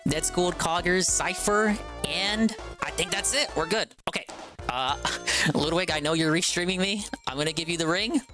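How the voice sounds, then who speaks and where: A man hosting a casual live stream, excitable and rambling, with lots of fillers and restarts. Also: high voice, moderate pace, over music.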